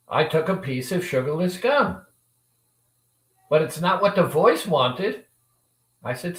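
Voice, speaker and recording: Male coach, slow and expressive, plays both voices in his story; recorded from a distance in an echoey room. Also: on the high side. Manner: acts out both sides of a dialogue with lively shifts. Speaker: weight-loss coach. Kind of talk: motivational storytelling talk.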